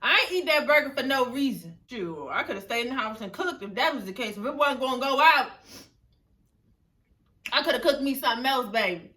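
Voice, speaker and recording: A woman vlogger chatting casually while eating, relaxed and laughing often, recorded outdoors. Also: high voice, brisk. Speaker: mukbang vlogger. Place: outdoors, windy.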